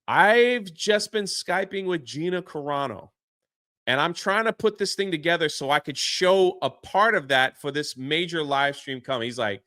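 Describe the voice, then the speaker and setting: Bright, excitable male storyteller. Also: a little high, normal speed, dry recording, clean studio sound. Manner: excitable, swears mildly, acts out quotes. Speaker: podcast guest. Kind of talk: animated storytelling.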